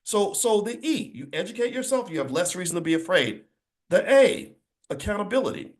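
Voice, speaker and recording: A man's voice: high-pitched, big pitch swings, brisk. A man delivering a motivational talk to a live audience in an indoor event space. He is emphatic and preachy and repeats phrases for punch. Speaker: finance speaker.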